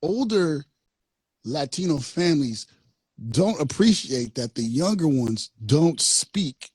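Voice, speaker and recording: A man hosting a podcast, telling a story in an animated way and laughing often. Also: fairly high pitch, takes it slowly, breathy edge, no echo. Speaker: podcast host. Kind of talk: casual podcast chat. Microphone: studio microphone.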